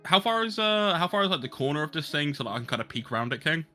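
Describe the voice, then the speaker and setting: A man's voice: on the high side, big pitch swings, very fast, pushed and bright, soft background music. A man playing in a tabletop game, chatting casually with hesitant fillers. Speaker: player.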